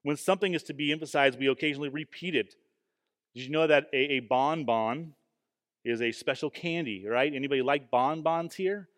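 A man preaching a sermon in an earnest, emphatic way, often pausing with fillers and restarting his phrases. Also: on the high side, fairly bright tone. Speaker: pastor. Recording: long hall reverb.

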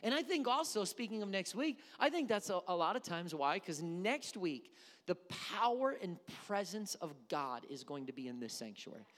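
A male pastor preaching a sermon, telling stories with humorous asides in an animated way. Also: high voice, normal speed, long reverb tail. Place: church sanctuary.

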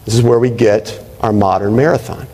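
A man's voice: fairly low pitch, steady tone, fairly quick, dark tone, breathy edge. A male pastor preaching a sermon in a conversational way, often checking in with "right?". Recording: reverberant hall.

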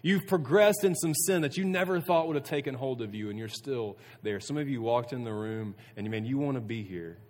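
A youth pastor giving a casual sermon to students, earnest and conversational, often restarting sentences. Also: male voice, medium pitch, animated, fairly quick, hardly any pauses, darkish tone. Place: room with a student audience. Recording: long reverb of a hall.

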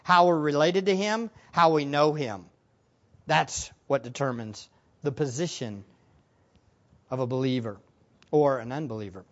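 A man preaching a sermon as pastor, emphatic, asking rhetorical questions and swinging between loud and soft. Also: medium pitch, a little slow, pauses often, dull audio.

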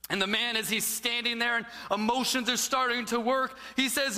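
A man's voice: very high voice, fairly even intonation, normal speed, sharp tone, long reverb tail. A man who is a pastor preaching a sermon, telling a story with dramatic drops to a near-whisper.

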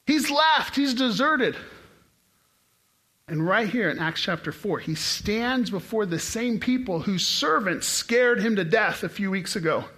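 A man delivers a casual sermon in a high, bright voice. He talks to the room like he's chatting, then climbs into loud, excited bursts to hammer a point home. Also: measured pace. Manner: animated, conversational preaching with sudden rises in pitch and volume. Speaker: pastor.

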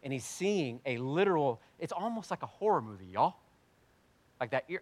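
A man preaching a sermon, animated and jokey, swinging between loud bursts and quiet asides. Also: a little high, brisk. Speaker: pastor.

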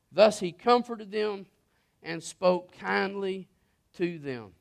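Folksy preacher, high voice. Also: male voice, takes it slowly, vocal fry. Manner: folksy, conversational preaching with many restarts. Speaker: pastor. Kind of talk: sermon.

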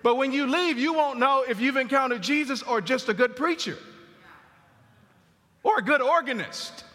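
A man preaching a sermon in a church sanctuary in a conversational style, repeating phrases for emphasis and dropping to a soft murmur on tender lines. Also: extremely high pitch, normal speed. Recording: long hall reverb.

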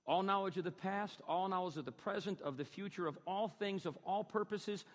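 A man's voice: high-pitched, fairly quick. Man preaching in a reverberant hall. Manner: emphatic preaching, rising on key phrases. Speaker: pastor. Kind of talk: sermon.

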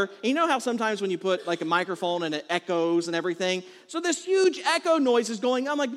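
A man with a high voice preaches in a church sanctuary, and his words ring out with a long reverb. He talks to the congregation in a loose, joking way and breaks into animated little stories. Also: fairly quick, hardly any pauses. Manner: conversational, joking, animated storytelling. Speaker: pastor. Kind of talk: sermon.

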